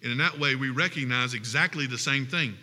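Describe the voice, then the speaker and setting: A man's voice: mid-range voice, a little fast, sharp tone, long reverb tail. A man preaching a sermon as pastor, repeating phrases for emphasis.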